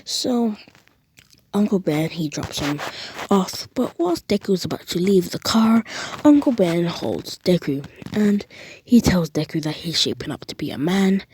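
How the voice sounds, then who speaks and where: A young woman retelling a fan story casually, rambling and animated. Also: on the low side, measured pace, slight background noise. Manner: rambling, animated, lots of restarts and acted quotes.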